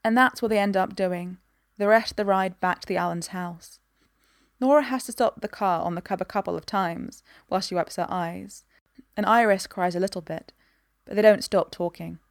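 A woman narrating a story in an even, gentle voice at a medium pitch. The recording is dry and close. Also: normal speed, no echo. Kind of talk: storybook reading.

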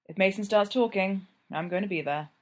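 A woman voicing a weary, reserved male police inspector who speaks in a measured, neutral way. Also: medium pitch, lightly acted.

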